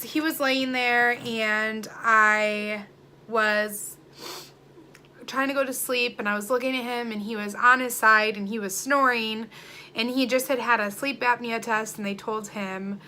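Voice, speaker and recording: A woman's voice: on the high side, steady tone, slow, pushed and bright, slight background noise. A young woman talking candidly to camera in a personal vlog, open and emotional, with a rambling way of telling things. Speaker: vlogger. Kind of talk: confessional vlog talk.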